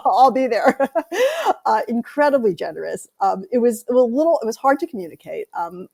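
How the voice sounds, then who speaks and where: An American woman author, a guest on an interview podcast, telling lively anecdotes in conversation. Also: medium pitch, vocal fry. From United States.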